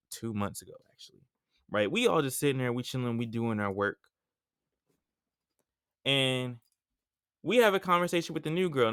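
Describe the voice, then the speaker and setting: Young guy ranting on his podcast, slangy, lively, smooth voice, dry close mic. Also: medium pitch, dry recording. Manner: animated, slangy storytelling with frequent asides. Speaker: podcast host. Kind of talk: casual podcast monologue.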